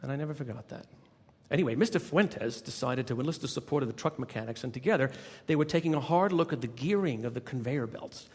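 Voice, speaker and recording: A man, a motivational speaker, telling a workplace anecdote in lively storytelling narration. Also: medium pitch, quick pace, breathy edge. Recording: reverberant recording.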